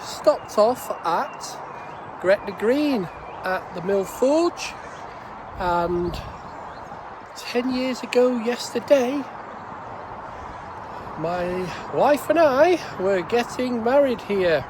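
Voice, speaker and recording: A man's voice: extremely high pitch, animated, extremely slow, pauses often, background noise. An older man, rambling chattily through a casual vlog. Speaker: gas training vlogger.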